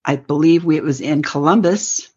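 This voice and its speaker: A woman's voice: deep voice, normal speed, dark tone, slightly rough. A woman telling a rambling personal story in an interview, acting out the lines she quotes. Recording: dull lo-fi recording.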